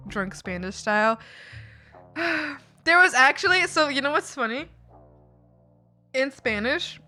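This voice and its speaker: Young woman streamer, bright voice, chatty and giggly, faint music underneath. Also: a little high, a little fast. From Canada. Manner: chatty, giggly, rambling with frequent restarts. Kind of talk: casual chat with viewers. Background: faint background music.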